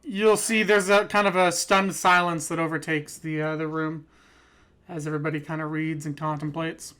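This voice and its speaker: A man's voice: a little high, flat delivery, normal speed, a bit bright, clean tone. A man narrating as game master in a tabletop role-playing game, casual, laughing often and swearing freely.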